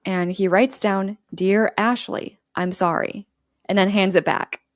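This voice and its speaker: A woman's voice: mid-range voice, fairly even intonation, unhurried, no room sound, clean studio sound. A woman hosting a podcast, casually recapping a film plot, chatty and giggly as she quotes the characters.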